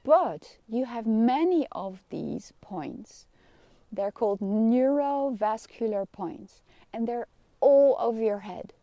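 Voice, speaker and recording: A middle-aged woman with a Dutch accent, a kinesiologist giving a gentle, soothing live lesson and laughing softly now and then. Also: on the high side, lively intonation, takes it slowly, no echo, highs cut off. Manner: gentle, soothing guidance with frequent soft laughs. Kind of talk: live-streamed wellness lesson.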